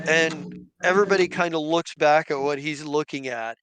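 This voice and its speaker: A man's voice: a little high, normal speed, a bit bright, slight background noise. A man narrating as game master of a tabletop game, rambling with many restarts.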